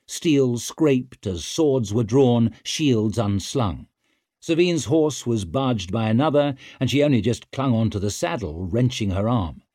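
Male narrator, expressive, dramatic, animated pitch, dry close sound. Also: a little slow, dry recording. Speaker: audiobook narrator. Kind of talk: scripted narration.

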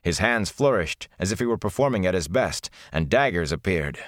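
A man narrating a fantasy novel in a measured, deliberate storytelling manner, recorded on a close mic. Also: sits low, lively intonation, no room sound. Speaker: audiobook narrator.

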